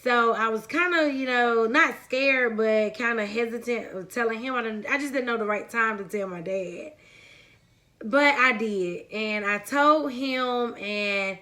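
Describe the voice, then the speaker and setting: A young woman vlogger chatting to her viewers in a casual story time, rambling and warm-hearted, often calling them y'all. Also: on the high side, measured pace.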